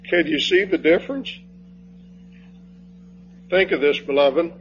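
Slow, emphatic preacher, muffled recording. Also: male voice. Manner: slow, emphatic, rising on key phrases and dropping low for scripture reading. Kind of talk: expository sermon. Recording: dull lo-fi sound with faint hum.

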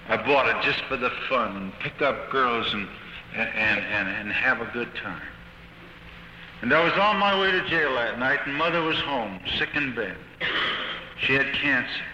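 A man giving his own testimony as a sermon, telling it earnestly with halting restarts, recorded on an old archival tape in a reverberant hall. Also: medium pitch, animated, bright, forceful tone, lo-fi sound, slight background noise. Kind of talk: sermon-style personal testimony.

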